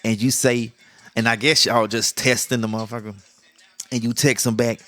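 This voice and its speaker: A man's voice: mid-range voice, little pitch movement, normal speed, sharp tone, soft background music. A middle-aged man hosts a casual monologue, joking, laughing often and acting out the lines he quotes. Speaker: podcast host.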